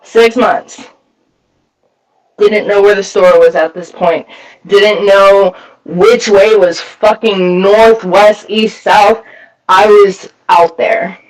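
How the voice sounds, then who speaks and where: A man's voice: high-pitched, steady tone, slow. A man giving candid personal testimony at a recovery meeting, telling his story bluntly with lots of swearing and filler words, his voice a bit far from the mic. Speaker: speaker sharing a recovery story.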